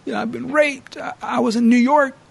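Man doing a scared young woman, drugged, pleading, high-pitched, breathless. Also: fairly even intonation, a little fast, creaky, husky, dry recording, full character voice.

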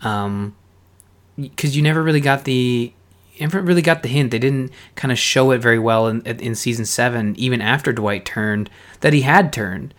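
A man's voice: mid-range voice, moderate pace. A man co-hosting a casual podcast chat about a TV show, thinking aloud with frequent "you know" and restarts. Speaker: podcast co-host.

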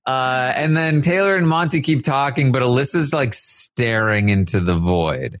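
A man's voice: mid-range voice, lively intonation, normal speed, few pauses. A man co-hosting a podcast, casually recapping a reality show with many fillers and acted quotes. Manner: acts out housemates' lines in quoted voices, many fillers.

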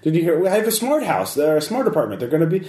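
A man voicing a nervous, stammering male businessman in a tabletop game, his voice flustered and jumping higher when he panics. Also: very animated, rapid-fire, dark tone. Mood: panicked. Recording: echoey room, faint noise.

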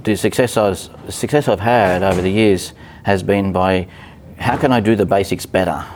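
A man's voice: low-pitched, moderate pace, darkish tone, a little hiss or hum. A man speaking as a podcast guest in casual conversation, hesitant, with many fillers and restarts.

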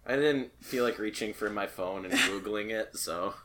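A man co-hosting a podcast in casual chat, with dry, deadpan jokes. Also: on the low side, moderate pace, crowd noise. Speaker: podcast co-host.

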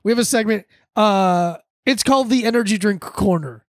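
A man's voice: high-pitched, no echo, clean studio sound. A male podcast co-host introducing a recurring segment in a chatty, casual way. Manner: quick agreeing backchannel, then chatty segment intros. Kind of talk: casual comedy podcast chat. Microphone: podcast microphone.

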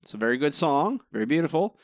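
A man co-hosting a podcast, chatting casually in an animated, exasperated way and laughing often. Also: on the high side, quick pace, no room sound. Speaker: podcast co-host. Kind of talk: casual chat.

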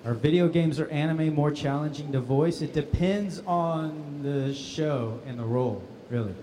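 A man's voice: on the high side, unhurried, long reverb tail, a little hiss or hum. A man answering fan questions at a convention panel in a casual, laughing storytelling manner. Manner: laughing, animated anecdotes acting out other voices.

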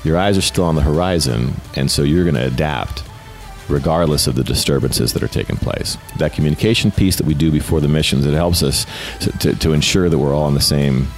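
A middle-aged American man with an extremely deep voice, talking as an interview guest. He speaks earnestly in a relaxed, conversational way and often stumbles over repeated words as a thought gets going. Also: fairly quick, faint music behind. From United States. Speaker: guest, retired fighter pilot. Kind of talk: casual interview talk.

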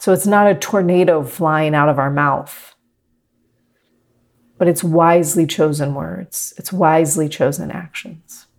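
A middle-aged woman teaching a meditation class, talking gently and reflectively to her students. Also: low-pitched, unhurried. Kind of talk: guided meditation talk.

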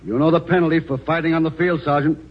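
An actor playing a stern army captain in 1940s radio acting, brisk and commanding. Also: male voice, on the high side, steady tone, highs cut off, slight background noise, close to an everyday voice.

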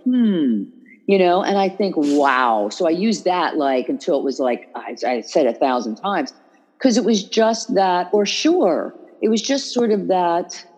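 A woman hosting a casual podcast chat about caregiving, animated and full of restarts and fillers. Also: lowish voice, lo-fi sound. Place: New York.

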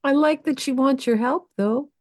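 A woman's voice: high voice, moderate pace, dry recording, studio quality. A woman co-hosting a spiritual podcast, responding to her partner in an affirming, conversational way. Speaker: podcast co-host. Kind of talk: casual chat.

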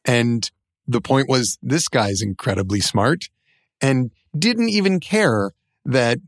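A middle-aged man talks in loose, joking podcast chat, his pitch sitting in an ordinary middle range. He is recorded close on a dry studio mic. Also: expressive, no room sound. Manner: wry, joking, speeds up and slows down. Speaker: podcast co-host. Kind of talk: casual chat.

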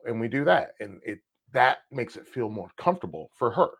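A man co-hosting a podcast, telling personal stories in a casual, animated way and swearing freely. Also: medium pitch, fairly quick, creaky, few pauses, slightly rough. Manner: animated, swears freely, acts out past conversations. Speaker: podcast co-host. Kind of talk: casual storytelling chat.

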